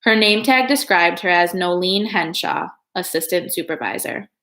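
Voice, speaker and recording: A woman's voice: lowish voice, normal speed. Woman reading a storybook in an echoey room. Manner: calm, steady storytelling. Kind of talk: reading a children's novel aloud.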